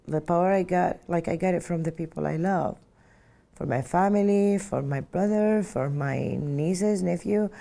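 A middle-aged woman speaks in an unusually deep, dark and mellow voice. She is a pilot recounting her path in an interview. Her delivery is earnest and reflective, with frequent "just like" fillers. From Saudi Arabia. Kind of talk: personal interview storytelling.

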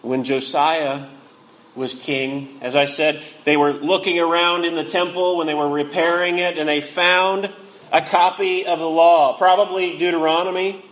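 A man preaching a sermon, earnestly rising to anguished cries and then dropping low and quiet. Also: fairly even intonation, moderate pace, low-quality recording. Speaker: pastor.

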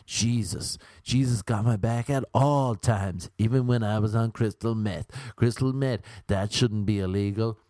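Irish male comedian-host, low register, rambling sardonic rants, dry sound. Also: unhurried, few pauses, dark tone, no echo. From Ireland. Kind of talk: casual podcast chat.

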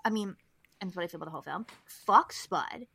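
A woman podcast co-host with a bright, sharp voice, chatting casually and animatedly. She swears freely and fills her talk with "like". The sound is dry and close. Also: fairly low pitch, fast talker, creaky, breathy edge, no room sound. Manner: animated, profane, heavy use of "like". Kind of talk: casual chat.

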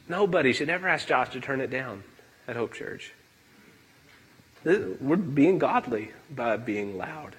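Male pastor giving a sermon, voice jumps all over, kinda husky. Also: medium pitch, a little slow, low-quality recording. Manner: animated, emphatic, acts out quotes. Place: church.

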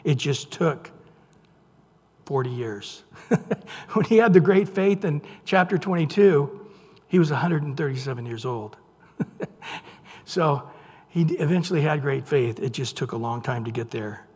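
Man, pastor, sermon, husky voice, fairly high pitch, conversational and joking, long hall reverb. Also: expressive, a little mellow. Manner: conversational, joking, reads scripture slowly and emphatically. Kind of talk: sermon with humorous asides.

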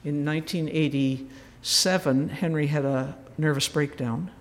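A woman's voice: sits low, fairly even intonation, measured pace, long reverb tail. A woman giving a spiritual retreat talk, telling stories and acting out the people in them, sometimes dropping to a whisper. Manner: storytelling, acting out quoted voices, dropping to a whisper. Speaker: retreat speaker.

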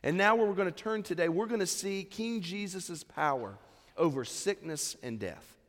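A man delivers a sermon from the pulpit, easing into his message with a relaxed, conversational story. His voice sits fairly high for a man. The sound carries the long reverb of a large church sanctuary. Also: moderate pace. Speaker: pastor.

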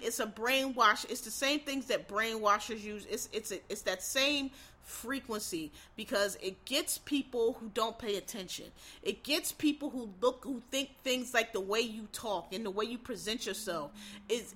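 Woman going off on politics, cussing, punchy, brightish higher voice. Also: measured pace. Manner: blunt, profane, emphatic. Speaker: political commentator. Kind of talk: casual political commentary rant.

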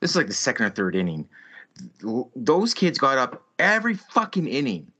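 A man's voice: medium pitch, wildly swooping pitch, normal speed, sharp tone. A man in his thirties hosting a podcast, telling a story in casual chat with heavy swearing and exaggerated ranting. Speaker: podcast host. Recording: slightly muffled lo-fi audio.

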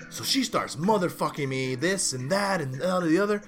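A man's voice: fairly high pitch, animated, fairly quick, a bit bright, soft background music. A man hosting a show, telling a story in a loose, rambling way with restarts and side remarks. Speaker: show host. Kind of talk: casual storytelling monologue.

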